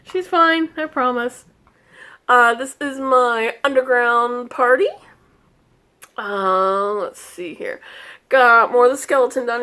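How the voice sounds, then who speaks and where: Chatty, easily distracted woman vlogger. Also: fairly bright tone. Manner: scolds her cat in a high voice. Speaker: cross-stitch vlogger. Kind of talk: casual crafting vlog chat.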